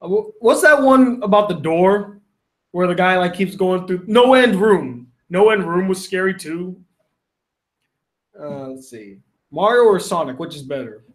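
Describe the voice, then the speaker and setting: A man's voice: sits high, expressive, measured pace. A man hosting a casual live chat, rambling through viewer questions, cursing freely and often interrupting himself. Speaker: livestream host answering chat questions. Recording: echoey room.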